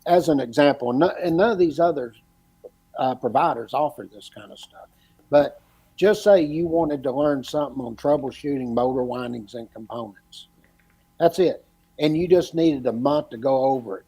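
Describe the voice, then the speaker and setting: A man's voice: mid-range voice, moderate pace, dark tone, breathy edge. A man hosting a casual podcast about electrical training, talking in a rambling, storytelling way. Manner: rambling storyteller with frequent restarts. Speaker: podcast host and electrical educator.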